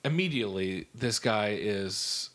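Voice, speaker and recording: Animated, profane man in casual chat. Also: fairly low pitch, a little slow. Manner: animated, profane, rambling enthusiasm. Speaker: podcast co-host.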